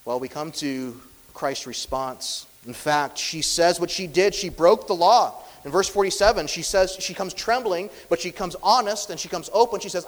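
A man preaching a sermon as pastor, swinging between loud, emphatic lines and hushed, quiet ones. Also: on the high side, lively intonation, unhurried, long reverb tail, low-quality recording.

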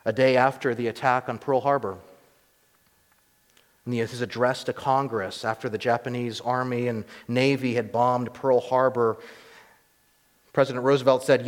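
An American man preaching a sermon in a church, earnest and measured, slowing down and dropping to a hush on key words. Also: mid-range voice. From United States. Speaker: pastor. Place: church sanctuary. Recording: long hall reverb.

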